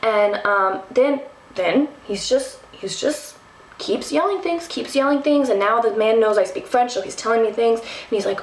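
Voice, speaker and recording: A young woman from Texas telling a travel story to the camera, animated and self-mocking, with lots of ums and restarts. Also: fairly high pitch, normal speed. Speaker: vlogger. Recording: roomy, from a distance.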